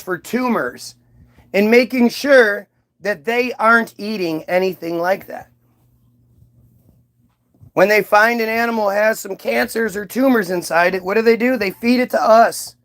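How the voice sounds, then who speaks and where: Speaking in a strikingly high, somewhat bright voice, this male commentator wanders through an offhand monologue. Expect free swearing, a mocking edge, and plenty of asides and restarts as he circles back.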